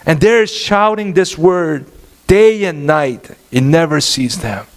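Animated pastor preaching, man. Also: fairly high pitch, slow pace. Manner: animated, asks the congregation questions. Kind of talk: sermon.

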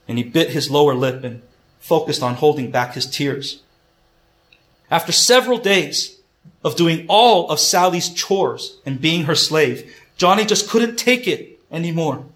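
A man's voice: fairly high pitch, lively intonation, moderate pace, fairly bright tone. A man preaching a sermon, earnest and emphatic, retelling a story and repeating his key points. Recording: echoey room.

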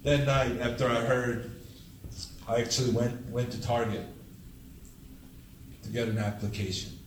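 A man preaching a storytelling sermon, switching into animated voices for each exchange. His voice is middle in pitch and reaches the mic from across a room. The room rings with echo over a faint hum of ambience. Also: measured pace. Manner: animated, acts out dialogue with big pitch jumps. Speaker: pastor. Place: church sanctuary, heard from afar. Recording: echoey room, distant mic.

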